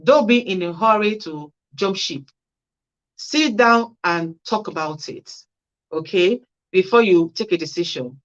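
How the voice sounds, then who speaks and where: A woman with a lowish, lively voice speaks unhurriedly as she hosts a casual livestream Q&A. She's a care worker who reads viewer comments aloud and answers with friendly, chatty, practical advice. The audio is dull and lo-fi.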